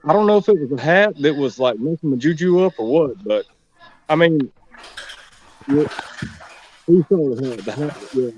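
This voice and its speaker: A man's voice: fairly high pitch, lively intonation, normal speed, pauses often, darkish tone, a little hiss or hum. Laid-back male guest, hedging fillers, muffled lo-fi sound. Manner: laid-back, lots of "I mean" and "you know". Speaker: guest angler. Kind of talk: casual chat.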